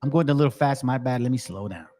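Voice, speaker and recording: A man giving a casual, excitable scripture study, reading verses and then explaining them in slang, often repeating words. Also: medium pitch, fast. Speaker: bible teacher.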